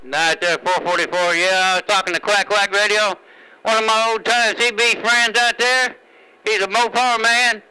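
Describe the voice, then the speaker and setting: Bright high-voiced man on CB radio. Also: fairly even intonation, moderate pace, clear, resonant tone, low-quality recording. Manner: easygoing, signs off with "Tempo". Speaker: CB radio operator. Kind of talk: CB radio chat. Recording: radio transmission.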